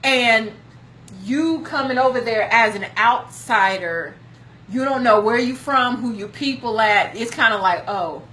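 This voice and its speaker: A woman's voice: on the high side, measured pace, a bit bright. A woman co-hosting a casual late-night chat, opinionated and profane, who wanders off topic and then says she digresses. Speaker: podcast co-host.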